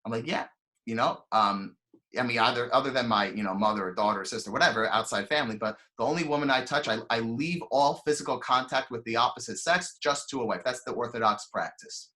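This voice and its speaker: A young man giving a storytelling sermon as a rabbi, animated and chatty, acting out voices and using lots of fillers. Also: mid-range voice, brisk. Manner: animated, acts out quoted voices, frequent fillers. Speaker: rabbi giving a weekly Torah talk.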